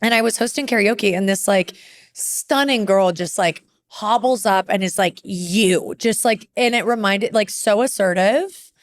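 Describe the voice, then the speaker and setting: Casting note: woman guest, mid-pitched, quick chatty talk. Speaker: podcast guest, bar owner. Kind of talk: casual chat. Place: podcast studio.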